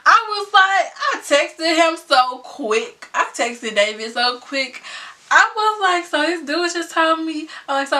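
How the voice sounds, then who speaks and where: A young woman vlogger telling a storytime in a casual, slangy way, animated and laughing often. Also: extremely high pitch, measured pace, far from the mic.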